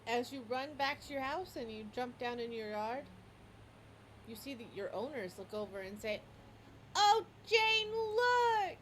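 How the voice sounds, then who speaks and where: Upbeat woman game master, bit high, narrating. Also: moderate pace, slight background noise, rough recording. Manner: lively, stumbling narration with frequent restarts.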